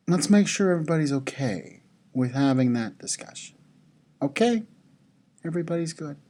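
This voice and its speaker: A speaker giving a chapel talk to school children, telling a story gently and asking the listeners questions. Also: mid-range voice.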